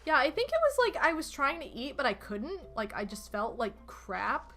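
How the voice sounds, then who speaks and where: A young woman streaming a video game from home, chatting casually and telling stories to her viewers in an animated, rambling way. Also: sits high, moderate pace. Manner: chatty, animated storytelling with lots of "like" and laughs. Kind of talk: casual gaming stream chat. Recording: game music faintly behind.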